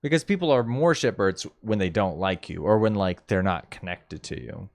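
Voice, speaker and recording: A man's voice: lowish voice, expressive, normal speed, creaky, no echo. A young man rambling casually, telling a story with lots of fillers and self-mocking jokes. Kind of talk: casual chat.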